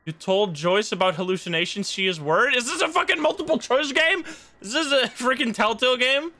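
A man streaming a horror game live, reacting jumpily with excitable, swearing commentary. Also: very high voice, a little fast.

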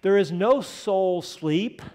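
A man preaching a sermon as pastor, emphatic, building to loud peaks and then dropping soft. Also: high-pitched, slow pace, long reverb tail. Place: church sanctuary.

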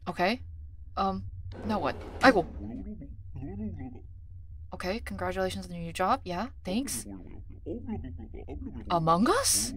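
A woman's voice: mid-range voice, unhurried, long pauses, a crowd in the background. Chatty young woman streaming a game. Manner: scattered and chatty, many ums, gets flustered; reads on-screen instructions in a mumbly undertone. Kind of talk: live gameplay commentary, reading game text aloud.

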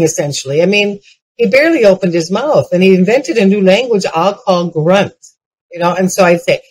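Older lady doing a comedy keynote, lively anecdotes, lands the jokes, mid-pitched voice. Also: a little fast, slightly rough, low-quality recording. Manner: lively, punchline-driven anecdotes with frequent restarts. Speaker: keynote speaker.

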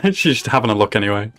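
A man's voice: mid-range voice, a bit bright. A man hosting a reaction video, talking casually and blurting out reactions, often swearing and laughing. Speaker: reaction channel host.

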